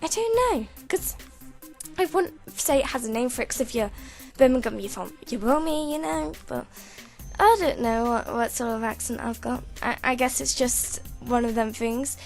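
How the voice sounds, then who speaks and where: A British woman with a high-pitched voice chats loosely to her computer while showing off a game build, restarting her sentences and giggling as she goes. Faint music plays softly in the background. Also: moderate pace, vocal fry. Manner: rambling, self-interrupting, giggly. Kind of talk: casual gameplay commentary. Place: at home at a computer.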